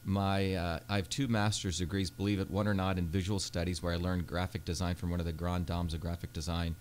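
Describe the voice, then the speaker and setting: A man's voice: low-pitched, flat delivery, a little fast, slight background noise. A man, a Senate candidate telling his life story earnestly in a radio studio interview, with many fillers. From India.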